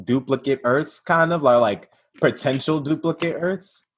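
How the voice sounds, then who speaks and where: A man's voice: medium pitch, moderate pace, a little hiss or hum. A man co-hosting a podcast, speaking casually with laid-back slang. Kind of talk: casual chat.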